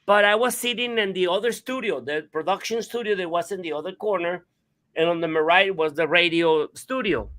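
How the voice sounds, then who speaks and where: Hosting a radio talk show, a man tells a story in an animated, casual way, swearing and imitating sounds. His voice is high-pitched and moves at normal speed.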